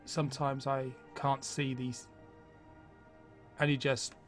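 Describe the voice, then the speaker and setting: A man voicing a bewildered male paladin who talks in halting, confused bursts. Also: medium pitch, level tone, faint music behind, lightly acted.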